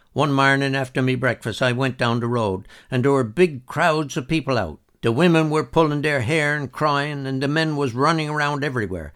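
A man's voice: medium pitch, fairly bright tone, voice pushed up, lightly acted. A man voicing an old male storyteller with a Newfoundland accent, telling a tale in folksy dialect.

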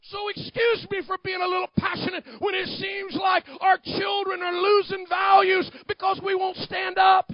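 A male pastor preaching a fiery sermon, swinging between hushed asides and shouted declarations. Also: extremely high pitch, completely flat delivery, normal speed, few pauses, dull audio.

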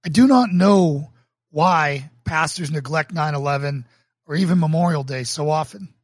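A man from Boston, a pastor hosting his own livestream, talking earnestly and emotionally with halting restarts before moving into a sermon. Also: fairly high pitch, dry recording, clean studio sound. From Boston, United States. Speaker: pastor and show host. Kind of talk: livestreamed casual talk leading into a sermon.

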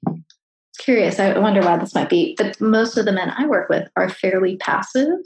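A woman therapist in casual conversation, chatty and animated, her voice carrying a gravelly fry at a mid pitch. She swears freely and talks candidly about feelings. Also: normal speed, poor audio.

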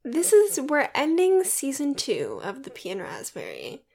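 High, lively young woman who laughs often. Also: unhurried, creaky. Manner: giggly, dramatic emphasis. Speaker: podcast co-host. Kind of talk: unfiltered casual chat.

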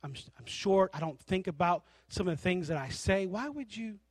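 A man preaching a sermon, telling stories with animated delivery and acting out the people in them. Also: high-pitched, moderate pace, no echo. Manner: animated storytelling, acting out characters.

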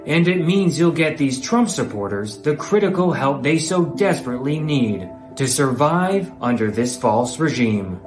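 A man's voice: lively intonation, a little slow, few pauses, reverberant, music in the background, close to an everyday voice. A man voicing a solemn, pleading male announcer in a mock charity fundraising ad. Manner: earnest, pleading pitch.

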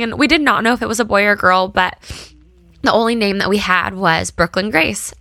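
A woman's voice: fairly high pitch, normal speed, vocal fry, sharp tone, no echo. A young woman from the United States tells her own story to viewers in an earnest, emotional way, close to tears at times as a small brand founder. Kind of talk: personal story to camera.

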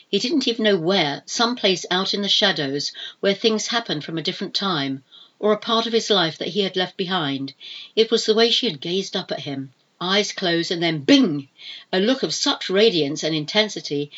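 Woman reading a novel aloud, expressive and measured, kinda muffled audio. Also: medium pitch. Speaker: audiobook narrator. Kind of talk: scripted narration.

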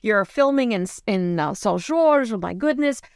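A woman's voice: mid-range voice, moderate pace, clear, resonant tone, no echo, clean studio sound. A middle-aged woman co-hosting a casual chat, telling stories animatedly and getting emotional. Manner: animated storytelling, gets emotional. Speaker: co-host.

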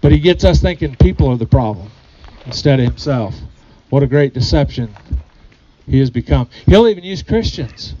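A man's voice: medium pitch, expressive, moderate pace, dark tone, dull audio, faint music behind. A man preaching a sermon to his congregation, earnest, often repeating phrases and putting questions to the people. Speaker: pastor.

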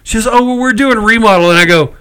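A middle-aged man tells a story in a casual chat. His voice sits high and rings bright. He sounds exasperated and swears freely. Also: quick pace, clean tone, rough recording. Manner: chatty, exasperated, salty language.

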